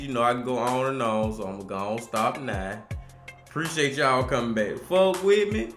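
A man hosting a reaction video, talking loudly and casually with lots of swearing and sudden shouts. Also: mid-range voice, brisk, soft background music. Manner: loud, animated, swearing, rising to shouts. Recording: roomy echo.

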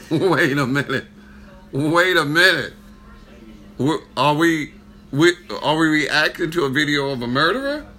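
A man casually reacting to a video, excitable and incredulous. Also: fairly high pitch, takes it slowly, pauses often.

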